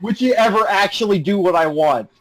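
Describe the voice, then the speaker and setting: A young man weighs his friends' card picks, thinking aloud in a casual game chat. His pitch rises and falls in a lively way. Faint music sits behind him. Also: brisk, low-quality recording. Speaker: judge of the round.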